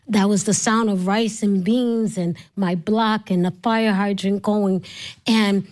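A woman's voice: mid-range voice, takes it slowly. A middle-aged woman from New York telling stories in a casual interview, laughing often and acting out voices. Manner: lively storyteller, laughs often, acts out voices. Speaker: podcast host guest.

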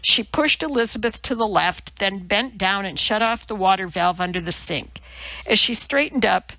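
A woman reading a novel aloud as its narrator in a measured storytelling voice. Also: mid-range voice, lively intonation, sharp tone, no room sound. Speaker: audiobook narrator. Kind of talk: scripted narration. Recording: slightly dull lo-fi.

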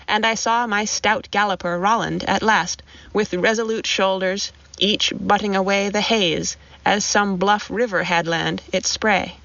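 A woman reciting a narrative poem in a measured, rhythmic reading. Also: mid-range voice, fairly bright tone, dry recording. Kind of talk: poetry recitation. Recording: dull, lo-fi recording.

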